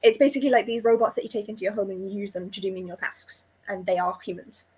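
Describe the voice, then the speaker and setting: A young woman with a slightly husky voice chatting on a live stream. She talks eagerly and rambles through her sentences. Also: mid-range voice, quick pace, a little mellow, low-quality recording. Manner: enthusiastic, rambling with many "like"s. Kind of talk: casual live-stream book chat.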